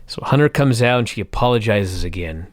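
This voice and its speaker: A man co-hosting a casual chat show, retelling events with excitable, profane storytelling. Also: fairly low pitch, a little fast, no room sound. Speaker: podcast co-host recapping wrestling.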